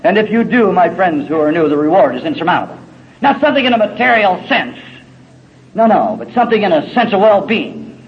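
A man's voice: high-pitched, sing-song, fairly quick. A middle-aged man speaking at a recovery meeting, telling his story in a folksy, salty way with wry humor. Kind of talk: personal testimony talk. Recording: dull lo-fi recording with faint hiss.

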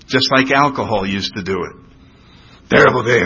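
An older man telling his recovery story in a personal talk, animated, acting out the voices of the people he describes. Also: medium pitch, fairly quick, slight background noise. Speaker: recovery speaker. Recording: dull lo-fi recording.

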